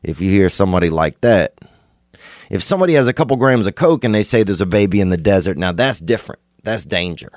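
A man, hosting a podcast and rambling through an absurd comic monologue, laid-back with sudden excited bursts. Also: deep voice, fast talker, no echo, clean studio sound. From Louisiana. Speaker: podcast host.

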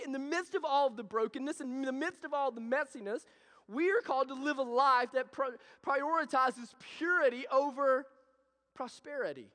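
Pastor, male, very high voice, impassioned repetitive sermon delivery, long hall reverb. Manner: impassioned preaching with repetition, drops to soft intimate tones.

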